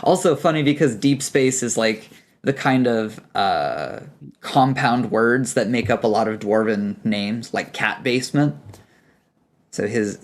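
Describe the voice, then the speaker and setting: Young male game master, loose and chatty narration. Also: on the low side. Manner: rambling, with many fillers.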